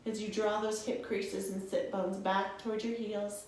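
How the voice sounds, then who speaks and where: A woman's voice: medium pitch, flat delivery, normal speed, darkish tone, slight background noise. A young woman teaching a guided yoga class, speaking in a soothing, encouraging way and calling her listeners friends. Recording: echoey room from a distance.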